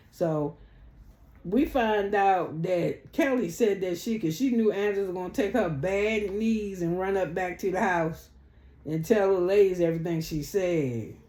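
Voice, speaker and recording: A woman's voice: medium pitch, measured pace, dark tone. Sassy, profane woman recapping. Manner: blunt, sassy, profane storytelling. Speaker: reality TV recap commentator. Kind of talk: casual profane recap chat. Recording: echoey room.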